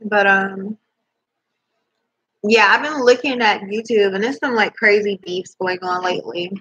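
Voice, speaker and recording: A young woman talks straight to her laptop at home, rambling and chatty between bites of food. Her voice is bright and a little husky, and the laptop mic makes the sound muffled and lo-fi. She now and then breaks into disbelieving curses. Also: mid-range voice, measured pace. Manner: chatty, rambling, eating while talking, swearing in disbelief. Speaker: vlogger. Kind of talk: casual chat to camera. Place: at home indoors. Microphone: laptop microphone.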